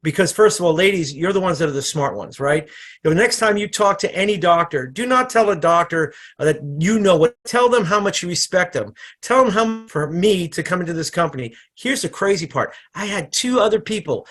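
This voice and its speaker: A man, a chiropractor, giving a casual, energetic product training on an online call, often repeating himself and restarting sentences. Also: high voice, fairly quick. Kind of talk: casual presentation on a video call. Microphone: computer microphone on an online call.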